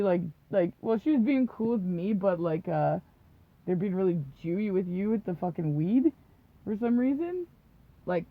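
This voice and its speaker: Here a female podcast co-host, medium in pitch, chats casually while spinning long, foul-mouthed stories, breaking into laughter and voicing other people's lines. The lo-fi recording sounds dull and dry, without echo.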